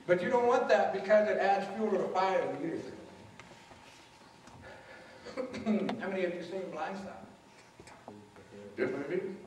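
A man's voice: sits high, a little hiss or hum. A male motivational speaker giving an anti-bullying talk to students, addressing them directly and acting out the voices he quotes. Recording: echoey hall from far off.

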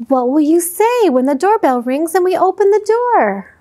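A woman voicing a patient mother who gently asks her child questions in a storybook reading. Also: extremely high pitch, sing-song, moderate pace.

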